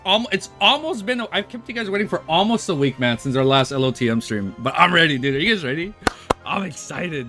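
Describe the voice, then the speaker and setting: A young man chatting on a live stream, excitable and restless, tripping over his words as he talks to his viewers. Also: a little high. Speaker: streamer reading and reacting to a web novel. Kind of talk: casual live-stream chat.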